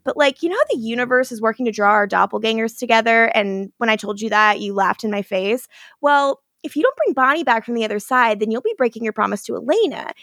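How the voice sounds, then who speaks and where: A woman playing a smug, scheming immortal man who mocks his rival in a sing-song, teasing way. The voice stays rather high and close, with a dry sound. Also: animated, quick pace, fairly bright tone, no room sound.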